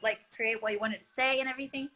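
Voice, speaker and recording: A young woman from Brazil, a Portuguese speaker, hosts a livestream in a bright, high, excitable voice. She giggles often and gushes, and her video call carries a faint hiss behind her. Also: fast talker. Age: young adult. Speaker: livestream host. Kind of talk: casual livestream chat.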